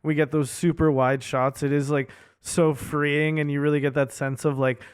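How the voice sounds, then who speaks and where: A man's voice: fairly high pitch, flat delivery, normal speed, clean tone, dry recording, studio quality. A man co-hosting a casual film podcast, rambling with many fillers and joking around. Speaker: podcast co-host. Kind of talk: casual chat.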